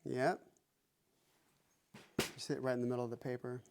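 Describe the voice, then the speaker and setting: In a music room with a drum kit, a male drum teacher talks plainly and counts beats aloud as he plays, the drums loud behind him. His medium-pitched voice is level, with vocal fry and a normal pace, and there's background noise.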